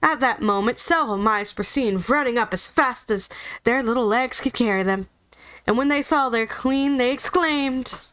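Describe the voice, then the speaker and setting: A woman's voice: fairly high pitch, normal speed, fairly bright tone. A woman from Georgia with a Southern accent, reading a children's novel aloud in a playful, chatty way. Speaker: storybook reader.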